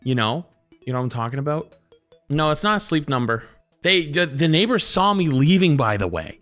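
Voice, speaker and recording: A man streaming live, chatting casually with his viewers and telling stories in an animated way, jumping into other people's voices. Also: a little high, a little fast, faint music behind.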